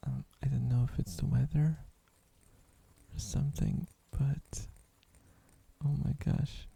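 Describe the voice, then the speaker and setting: A man rambling in soft-spoken ASMR style, drowsy and meandering, often dropping into a whisper on a close microphone. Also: medium pitch, fairly even intonation, slow pace, vocal fry, husky. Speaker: ASMR streamer.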